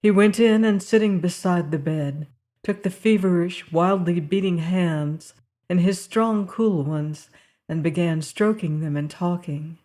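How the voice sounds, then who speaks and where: A woman narrating a novel aloud in a calm, measured storytelling manner. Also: lowish voice. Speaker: audiobook narrator. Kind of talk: scripted narration.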